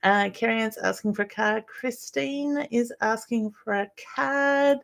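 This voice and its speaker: A woman's voice: a little high, takes it slowly, gravelly, hardly any pauses, a bit bright. An Australian woman hosting a live stream, chatting with viewers by name, calling them honey and rambling with lots of ums. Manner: rambling, with many ums and uhs. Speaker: psychic medium hosting a weekly live stream. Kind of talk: live-stream chat, reading viewer comments aloud.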